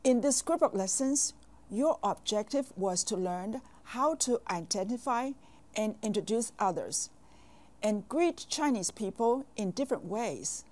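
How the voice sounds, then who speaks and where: Woman as a patient children's language teacher: slow, clear delivery, animated pitch. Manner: slow, carefully enunciated, with quizzing pauses. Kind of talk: scripted language lesson for kids.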